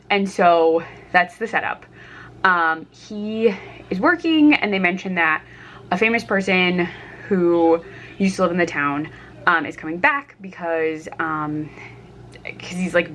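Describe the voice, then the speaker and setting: Chatty young woman with low voice. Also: fairly bright tone, slight background noise. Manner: chatty, filler-heavy, laughing often. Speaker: book vlogger. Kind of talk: casual reading vlog chat. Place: home, cooking lunch.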